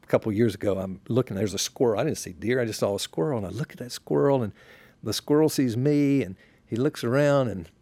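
A man, a pastor, talking as a podcast guest in a relaxed, reflective way, sharing stories unhurriedly and often restarting his sentences. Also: medium pitch, fast talker, dry recording. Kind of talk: relaxed conversational storytelling.

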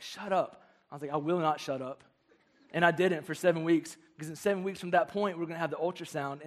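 High-voiced animated preacher man. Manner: animated storytelling with jokes. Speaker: youth pastor. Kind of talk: sermon.

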